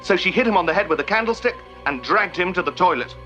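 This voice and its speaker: An actor playing a frantic butler who breathlessly reenacts a string of murders, in film dialogue over score music. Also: male voice, high-pitched, expressive, fast. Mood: breathless explaining. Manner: breathless, theatrical, accusing.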